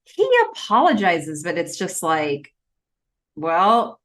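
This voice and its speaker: A woman co-hosting a casual recap podcast with a lively, swooping voice. She talks in quick bursts and jumps into the characters' lines as she retells a scene. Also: on the low side. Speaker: podcast co-host.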